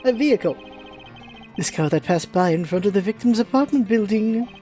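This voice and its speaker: A woman voicing a confident male prosecutor, measured and formal as she reads game dialogue aloud. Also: medium pitch, animated, mellow, faint music behind, lightly acted.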